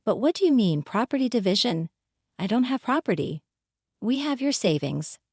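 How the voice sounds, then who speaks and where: A woman's voice: fairly high pitch, sing-song, moderate pace, a little mellow, breathy edge, dry recording, studio quality, voice pushed up, exaggerated voice. A woman voicing a scheming, angry middle-aged husband in a storybook reading, blustering and indignant in manner.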